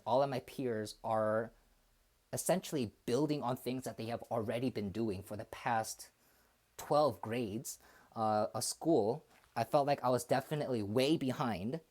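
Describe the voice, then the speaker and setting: Brief: man in his twenties, casual stream chat, mid-pitched, halting and self-searching, lots of ums. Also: darkish tone. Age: 20s. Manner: hesitant and reflective, many fillers and restarts.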